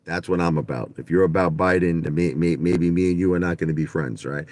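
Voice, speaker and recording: A man's voice: low-pitched, fairly even intonation, brisk, hardly any pauses, a little mellow, no echo. A man hosting a casual livestream about stocks, brash and profane, repeating himself, recorded at home. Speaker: livestream host on stock trading.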